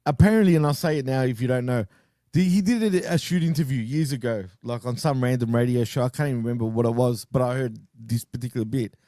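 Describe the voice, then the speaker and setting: A man with a dark, mellow voice co-hosts a relaxed wrestling podcast. He laughs easily and rambles through anecdotes in loose, slangy talk. The recording is close and dry. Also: mid-range voice, fast, no room sound. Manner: laughs often, loose storytelling with "dude" and "man". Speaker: podcast co-host. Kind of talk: casual wrestling podcast chat.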